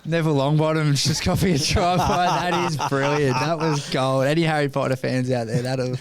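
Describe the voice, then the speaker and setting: A man's voice: on the high side, fairly even intonation, brisk, crowd noise. A man co-hosting a podcast in casual, enthusiastic banter. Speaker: podcast co-host. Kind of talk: casual chat.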